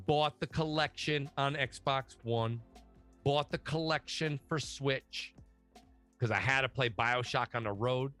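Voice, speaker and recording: A man chatting casually about video games, animated and slangy, telling stories with lots of asides. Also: mid-range voice. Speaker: podcast guest. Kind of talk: casual gaming chat.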